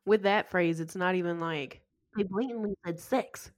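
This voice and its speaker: A woman's voice: lowish voice, moderate pace. A woman co-hosting a podcast, chatting casually about a film with blunt emphasis and casual swearing. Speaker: podcast co-host. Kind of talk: casual film-recap chat.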